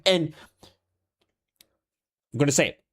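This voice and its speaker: A young man rants casually with an animated, swooping delivery that climbs and dips as he tells a story, pitched a bit above most men's. He talks in fits and restarts and swears freely. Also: takes it slowly, breathy edge. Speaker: streamer. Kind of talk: casual rant.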